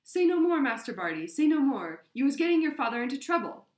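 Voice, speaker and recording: A woman's voice: sing-song, fast talker, a little mellow. A woman voicing a frantic, devoted female house-elf servant who shrieks and sobs in broken grammar. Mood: pleading. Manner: shrill, sobbing, broken grammar. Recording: roomy echo.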